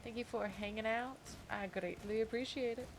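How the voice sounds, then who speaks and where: A woman's voice: fairly high pitch, steady tone, normal speed, a little hiss or hum. A woman streamer chatting casually while playing a game, telling stories in a chatty, giggly way. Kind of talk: casual chat while gaming.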